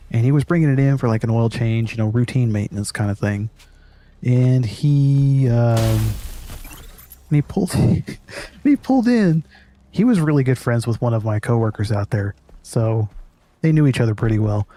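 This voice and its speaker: A man's voice: medium pitch, dark tone, slight background noise. A man hosting a gaming channel, telling a story casually, laughing often and swearing freely. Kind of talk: casual storytelling over gameplay.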